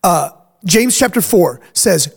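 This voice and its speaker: A man's voice: high voice, animated, slow, creaky, husky. A man hosting a faith podcast as pastor, talking in an emphatic, preachy way and checking in with "right?" as he explains. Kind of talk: casual chat.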